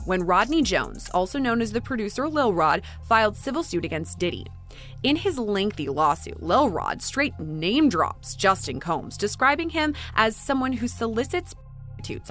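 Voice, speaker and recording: A woman narrating a news story in an expressive, storytelling way. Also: medium pitch, moderate pace, soft background music.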